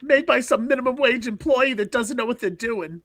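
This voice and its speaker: A man's voice: very high voice, moderate pace, a bit bright, no echo. A man co-hosting a comedic podcast, joking along and joining in silly bits. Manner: playful, joins in bits with silly voices. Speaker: podcast co-host. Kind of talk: comedic casual chat.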